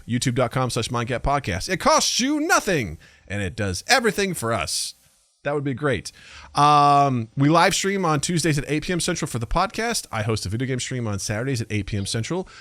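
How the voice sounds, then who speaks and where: A man's voice: a little high, a bit bright, no echo. A man hosting a podcast in a casual, goofy, self-mocking way. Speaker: podcast host.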